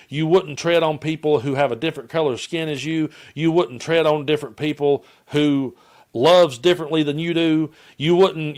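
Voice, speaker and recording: A man from Tennessee with a Southern accent, giving impassioned political commentary and calling his viewers folks. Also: a little high. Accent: Southern American.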